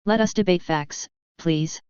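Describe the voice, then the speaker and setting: A young advisor pleading for reason, as a woman reads her, earnest and measured. The low, very clear voice is recorded dry and slightly dull. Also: darkish tone, no room sound, close to an everyday voice.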